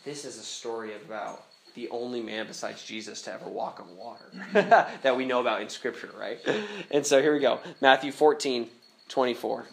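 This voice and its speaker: This is a man with a medium-pitched voice and vocal fry, speaking at a normal speed with fairly even intonation. He's a pastor delivering a sermon at a camp gathering, relaxed and lively, frequently breaking into laughter. The sound comes from an echoey camp meeting hall.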